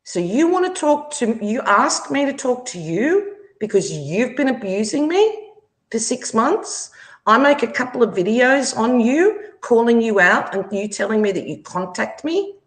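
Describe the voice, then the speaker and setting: A livestream host delivers a furious, confrontational rant packed with swearing, very animated as she goes. She speaks slowly and deliberately, her pitch swinging widely as her anger grows, and the room sounds echoey.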